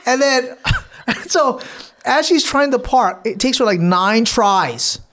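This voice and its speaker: A man, a teacher hosting a podcast, telling stories in animated casual chat and swearing freely. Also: very high-pitched, slow.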